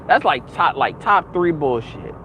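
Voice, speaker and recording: A man's voice: fairly high pitch, expressive, unhurried, bright, forceful tone, slight background noise, poor audio. A young man ranting in a casual, heated, rambling monologue, swearing often.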